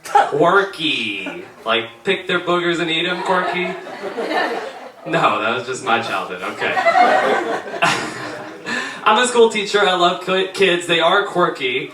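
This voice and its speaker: A man with a high-pitched voice, performing stand-up on a small theater stage. His delivery is punchy and teasing as he works the crowd. The sound is echoey and distant, with loud noise behind him. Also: very animated, slow, pauses often. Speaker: stand-up comedian. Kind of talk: stand-up comedy set with crowd work.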